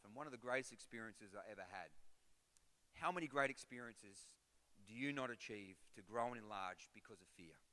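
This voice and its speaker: Bright-voiced pastor preaching in a hall. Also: male voice, medium pitch. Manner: animated storytelling, builds to loud rhythmic exhortation. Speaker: guest pastor. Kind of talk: sermon with storytelling. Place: church auditorium. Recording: reverberant church hall.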